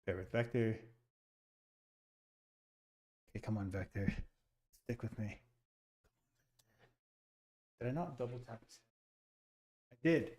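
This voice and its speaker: A man on a live stream, chatting casually to viewers as he sets up a small robot, getting excited and talking through every step. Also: lowish voice, unhurried, long pauses. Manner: excitable, talks to viewers while fiddling with a robot. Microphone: computer mic, second mic added.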